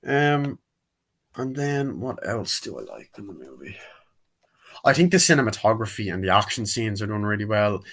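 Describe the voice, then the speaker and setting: Rambling through a casual film review, this man retells scenes and acts out lines using exaggerated voices. His voice sits on the low side, bright and sing-song, moving at a moderate pace.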